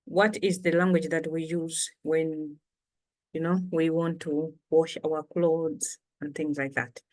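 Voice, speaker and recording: A woman's voice: deep voice, level tone, slow, a little mellow. A woman from Malawi teaching vocabulary in a casual lesson, patiently repeating each word for learners. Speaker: language teacher.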